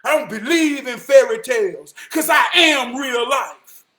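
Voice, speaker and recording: A man with a very high, sharply bright voice delivers a fired-up motivational monologue. He lurches from loud shouting down to low muttering, hammers lines by repeating them, and curses freely. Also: lively intonation, measured pace. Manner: heavy cursing, repeats phrases for emphasis.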